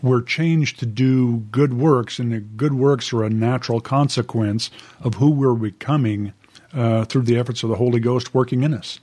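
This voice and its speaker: A man hosting a casual podcast interview, asking questions and reading verses aloud slowly. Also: medium pitch, warm tone. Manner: asks questions, reads scripture aloud slowly. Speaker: podcast host.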